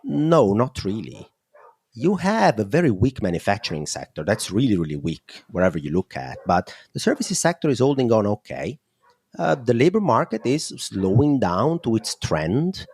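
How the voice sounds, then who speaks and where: A man's voice: fairly low pitch, very animated, normal speed, a little mellow, slightly rough. A man with an Italian accent, a guest analyst explaining markets in an interview, thinking aloud with fillers.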